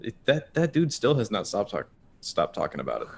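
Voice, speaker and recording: A man's voice: on the low side, huge pitch swings, a little fast, creaky, slight background noise. A man chatting casually on a podcast, telling a rambling anecdote with frequent restarts. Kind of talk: casual chat.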